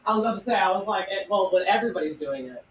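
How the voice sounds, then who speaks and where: A woman's voice: mid-range voice, rapid-fire, far from the mic, slight background noise, poor audio. Chatty woman, slightly off-mic. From Florida. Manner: chatty, animated storytelling. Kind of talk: casual chat. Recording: voice from farther off the mic.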